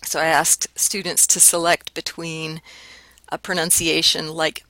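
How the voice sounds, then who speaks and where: A woman giving a university lecture in a recorded class, explaining clearly and demonstrating different pronunciations aloud. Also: sits low, flat delivery, a little slow, bright, forceful tone, no room sound, low-quality recording. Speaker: linguistics lecturer.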